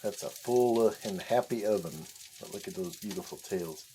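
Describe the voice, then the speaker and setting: A man's voice: fairly low pitch, normal speed, mellow, slight background noise. A man hosting a home cooking video, casually walking through each step and admiring the food. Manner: easygoing, keeps calling the food beautiful. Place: home kitchen.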